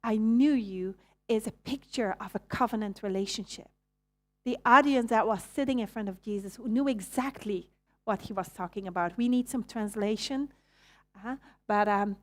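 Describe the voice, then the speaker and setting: A woman's voice: a little high, moderate pace. Belgian woman preaching a casual sermon. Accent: Belgian Dutch. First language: Dutch. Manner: conversational, asks the audience questions; restarts and self-corrections.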